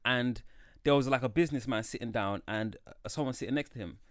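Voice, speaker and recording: Fast-talking young man. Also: medium pitch, no room sound, studio quality. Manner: animated storyteller, acts out quoted voices. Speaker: podcast co-host. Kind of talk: casual chat.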